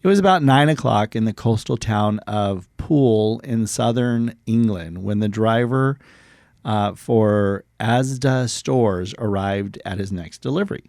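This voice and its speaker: A man's voice: lowish voice, unhurried, a little mellow, no echo, studio quality. A man co-hosting a podcast, casually retelling true stories, joking and laughing, sometimes stumbling over words. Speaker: podcast co-host.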